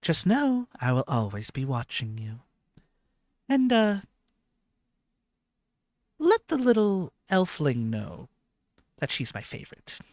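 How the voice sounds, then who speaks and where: A man voicing a divine cat goddess who speaks in a warm, confiding way. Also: a little high, huge pitch swings, takes it slowly, pauses often, dry recording, studio quality, voice pushed up, exaggerated voice. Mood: fond. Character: divine female cat goddess, watchful and fond.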